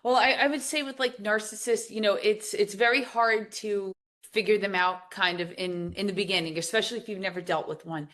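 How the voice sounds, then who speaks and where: A middle-aged woman from New Jersey, a podcast guest talking casually, animated and emphatic as she tells stories. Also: medium pitch, a little fast. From New Jersey, USA. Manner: animated storyteller, lively emphatic outbursts. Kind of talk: casual conversational interview.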